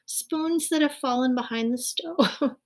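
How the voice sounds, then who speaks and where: A woman's voice: high-pitched, a little slow, voice pushed up. A woman voicing a fretful, fussy male owl in a storybook reading, speaking raised and exclaiming. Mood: sorrowful.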